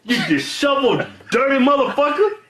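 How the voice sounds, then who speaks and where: A man in casual comedy banter, crudely and repeatedly complaining that someone is too loud beside him. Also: very high-pitched, big pitch swings, normal speed, crowd noise. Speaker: comedy video host.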